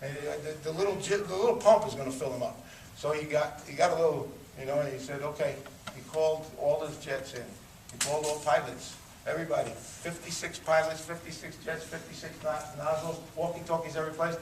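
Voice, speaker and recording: A man in his fifties telling a personal story, animated and acting out the voices of people he quotes. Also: on the high side, brisk, background noise. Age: 50s. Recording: roomy sound from far off, faint ambience.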